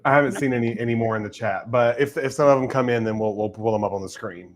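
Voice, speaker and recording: A man's voice: medium pitch, quick pace, hardly any pauses. A man hosting a casual writing livestream, chatty and giggling often. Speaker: livestream host and writer.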